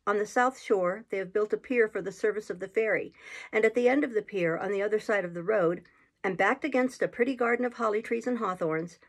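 Woman reading a classic novel aloud. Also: mid-range voice. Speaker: reader.

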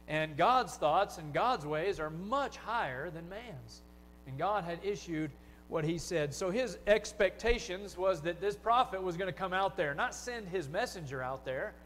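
A man preaching a sermon in a church, his fairly high voice carrying with a long hall echo. He talks to the congregation in a plain, conversational way and keeps asking them rhetorical questions. A faint hum sits under the recording. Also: expressive, measured pace, a bit bright. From United States. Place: church sanctuary.

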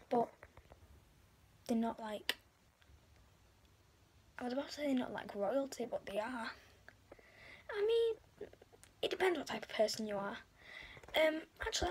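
An English woman talking casually to camera as a vlogger, rambling with quick self-deprecating asides. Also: high-pitched, slight background noise. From England.

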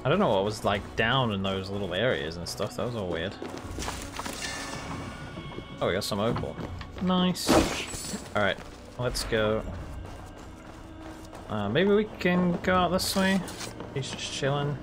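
A man's voice: medium pitch, measured pace, pauses often. A man giving casual, chatty commentary while playing a video game. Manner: chatty, relaxed, talking to himself. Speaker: gaming channel host. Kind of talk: casual let's-play commentary. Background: game music.

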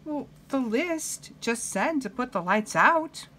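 A woman's voice: high-pitched, expressive, slow pace, pushed and bright, voice pushed up, full character voice. A woman voicing a cheerful, literal-minded housemaid in a storybook read-aloud, chirpy and eager to please.

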